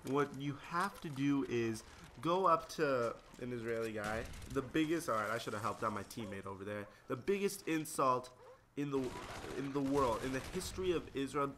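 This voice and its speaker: A man's voice: medium pitch, moderate pace, sharp tone, slight background noise. A young man rambling through casual gameplay commentary and stories, slangy and easily sidetracked. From United States. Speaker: gaming video creator.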